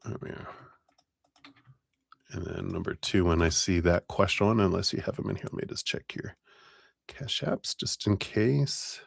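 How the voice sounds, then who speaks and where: A man's voice: low-pitched, lively intonation, a little slow, gravelly, pauses often, breathy edge, dry recording, studio quality. A man hosting a live tarot stream, casually greeting viewers by name and thanking them.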